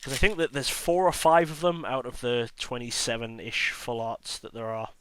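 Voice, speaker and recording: A man hosting a card pack-opening video, hoarse from illness, chatting and mocking his own voice as he lists each card. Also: mid-range voice, steady tone, moderate pace, a bit bright, a little hiss or hum. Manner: chatty, self-mocking, listing cards as he goes. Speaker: card-opening channel host. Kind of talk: casual pack-opening commentary.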